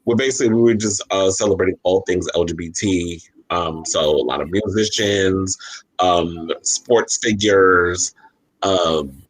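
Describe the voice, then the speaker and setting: A male podcast host chats casually on a live stream, rambling with plenty of fillers and sounding a little tipsy. His voice sits a bit low and comes through husky. He talks into a desk mic from a home setup. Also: rough recording. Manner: chatty and loose, with frequent fillers. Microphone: desk microphone.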